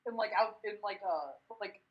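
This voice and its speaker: Halting caller on a dull line. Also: male voice, sits high. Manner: hesitant, halting. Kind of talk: casual chat.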